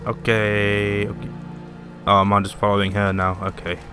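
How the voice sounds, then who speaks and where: Sweary, excitable gaming commentator man. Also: fairly low pitch, normal speed. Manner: sweary, excitable, yelps during fights. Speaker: gaming video host. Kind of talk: let's play commentary. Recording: voice over game audio with music.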